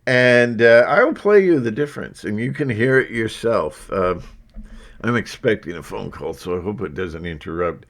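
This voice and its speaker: A vlogger with a lowish, animated voice talks casually to his viewers at a moderate pace. His rambling talk meanders, with plenty of verbal asides.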